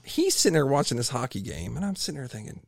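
A man telling a long story on a podcast in a casual, animated way, acting out other people's voices. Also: mid-range voice, quick pace, vocal fry, no room sound, studio quality. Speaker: podcast guest.

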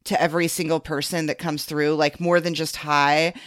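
A woman's voice: low voice, little pitch movement, moderate pace, a bit bright, no echo, studio quality. A woman chatting casually on a podcast, talking freely with lots of "like" and "um". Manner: chatty, many fillers like "like" and "um". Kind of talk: casual chat.

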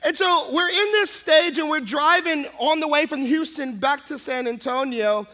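A man preaching a sermon as a pastor, telling the story with lively, acted-out storytelling. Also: extremely high pitch, moderate pace. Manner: animated storytelling, acting out the scenes.

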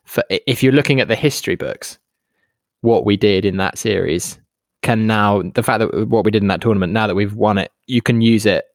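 Young bloke on a home pod, deep-ish voice, keeps restarting, very dry recording. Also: male voice, no room sound. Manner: halting, many restarts and fillers, laughs easily. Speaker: podcast co-host. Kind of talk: casual chat. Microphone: home microphone.

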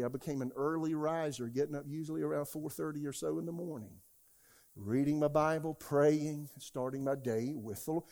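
A man preaches a sermon as a pastor. His voice sits a little high for a man. He tells stories from his own life and rises to loud, shouted quotes. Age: 60s. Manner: storytelling, rising to shouts when quoting God.

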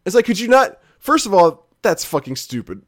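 A man's voice: high voice, very animated, normal speed. A man hosting a casual chat, rambling and swearing freely with many restarts. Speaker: podcast host.

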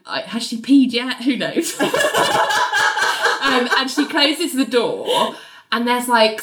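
A woman recapping a TV episode for a podcast, her pitch swinging widely as she tells it. She talks in loose, casual chat, full of fillers and little giggly asides. The room around her is roomy and echoey. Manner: animated storyteller, filler-heavy, giggly asides.

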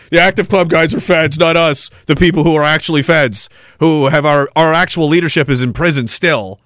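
A man hosting a livestream in a casual, rambling and profane way, quick to flare up and cursing between stretches of chatter. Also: fairly high pitch, fairly bright tone, no room sound, studio quality. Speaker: livestream host.

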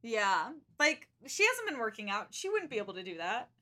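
A woman's voice: on the high side, very animated, moderate pace, sharp tone. A young woman co-hosting a casual book podcast, chatty and blunt, with lots of "like" and "um". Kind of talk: casual chat recapping a book.

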